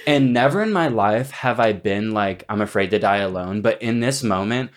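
A man's voice: fairly low pitch, normal speed. A man co-hosting a podcast, telling stories in a casual, dramatic, self-mocking way with plenty of swearing. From Texas. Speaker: podcast co-host. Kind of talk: casual chat.

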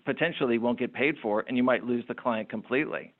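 A man's voice: mid-range voice, quick pace. Storytelling man on a tinny line. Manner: animated anecdotal storyteller. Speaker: entrepreneur guest. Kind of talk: storytelling interview talk.

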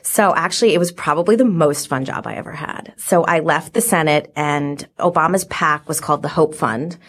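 A woman's voice: low-pitched, moderate pace, fairly bright tone. A woman in her forties, a podcast guest telling stories in casual chat, full of "like" fillers. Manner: chatty storyteller, many "like" fillers.

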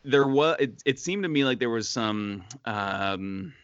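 Chatty man with a bright voice. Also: medium pitch, lively intonation, a little slow, clear, resonant tone, no room sound, highs cut off. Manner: chatty, many fillers and restarts. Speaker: podcast co-host. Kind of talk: casual sports chat.

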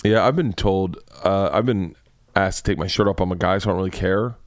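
A man's voice: low voice, no room sound, studio quality. A man hosting a comedy podcast, rambling through celebrity news with lots of swearing. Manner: profane, rambling, quick asides. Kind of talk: casual comedy podcast rant.

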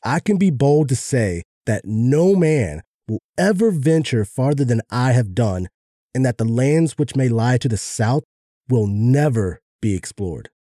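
A man's voice: medium pitch, sing-song, unhurried, warm tone, no echo, clean studio sound. A man co-hosting a podcast, reading a quote aloud to the group. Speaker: podcast co-host.

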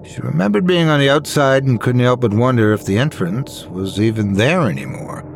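A man reading scary stories as a dramatic, expressive narrator. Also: mid-range voice, moderate pace, gravelly, soft background music. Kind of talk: scripted horror story narration.

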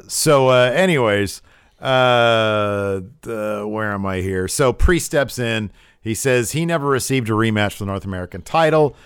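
A man co-hosting a relaxed chat show, recapping with rising excitement and acting out quotes. His voice is smooth and resonant at a middle pitch. It sits close and dry on the mic, with no room around it. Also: dry recording. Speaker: podcast co-host recapping wrestling. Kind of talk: casual chat.

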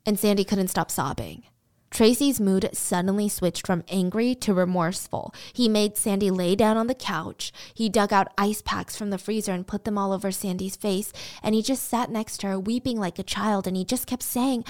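A woman's voice: medium pitch, normal speed, a little mellow. A woman retelling a true crime story in a casual, conversational way with personal asides.

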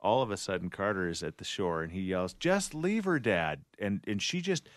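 A middle-aged man co-hosting a podcast, telling a long animated story and laughing along the way. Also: deep voice, a little fast, no echo. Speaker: radio show co-host. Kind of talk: casual storytelling chat.

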